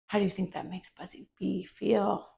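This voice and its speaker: A woman teaching children's yoga through a story, gentle and asking the kids questions as she guides the poses. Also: medium pitch, little pitch movement, moderate pace, creaky.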